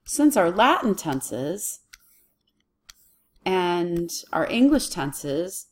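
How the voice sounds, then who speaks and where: Female teacher for a kids' video lesson, speaks slowly in a low register, patient and self-narrating. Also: very animated. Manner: patient, talks herself through the worksheet. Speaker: Latin teacher.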